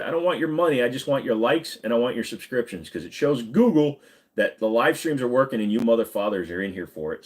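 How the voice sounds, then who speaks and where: A man hosting a live stream, chatting casually with viewers in a rambling, joking and profane way. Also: on the low side.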